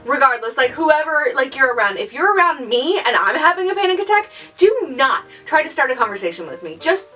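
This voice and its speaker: A young woman ranting in a casual vlog, exasperated and sarcastic, mocking others in high voices. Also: sing-song, a little fast, hardly any pauses, bright, forceful tone, distant mic, soft background music. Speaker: YouTuber.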